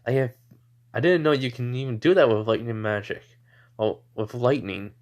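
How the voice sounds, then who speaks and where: A man's voice: mid-range voice, normal speed, lightly acted. A man voicing a proud, tired young princess in a plain, lightly annoyed tone.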